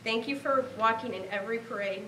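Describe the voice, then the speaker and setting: A woman's voice: fairly high pitch, fairly quick, bright, forceful tone, reverberant, recorded from a distance, a little hiss or hum, rough recording. A woman in her thirties from Nebraska giving a heartfelt award acceptance speech, earnest and grateful. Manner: heartfelt, earnest, speaking of a lost relative.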